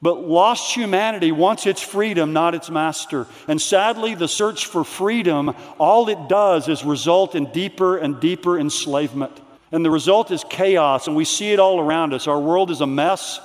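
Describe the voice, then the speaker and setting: Earnest preacher in a reverberant hall. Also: male voice, fairly high pitch. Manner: earnest, reads quotes slowly. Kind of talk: conference sermon. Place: large hall.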